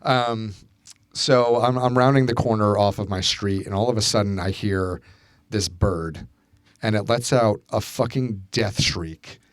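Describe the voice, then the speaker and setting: A man's voice: on the low side, unhurried, no room sound, studio quality. A man co-hosting a casual podcast, telling a story animatedly, swearing freely and acting out his own panicked reactions. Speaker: podcast co-host. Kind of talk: casual chat.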